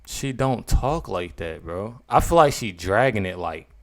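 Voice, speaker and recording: A man's voice: fairly low pitch, expressive, unhurried, background noise. Rambling man talking straight to his viewers. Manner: rambling, repetitive, addresses viewers as y'all. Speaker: political commentary vlogger. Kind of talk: casual commentary.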